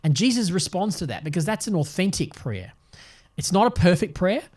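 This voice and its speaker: An older man gives a devotional podcast talk, earnest and reflective, often restarting a phrase as he thinks. His voice sits a little higher than most men's. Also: sing-song, brisk, a little mellow. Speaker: podcast host and Bible teacher.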